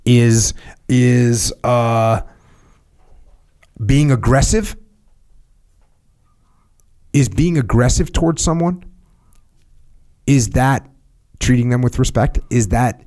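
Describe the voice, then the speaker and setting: A man's voice: mid-range voice, unhurried, long pauses, warm tone. A middle-aged man hosting a podcast, giving leadership advice in a casual, emphatic way and repeating his points to drive them home. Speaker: podcast host.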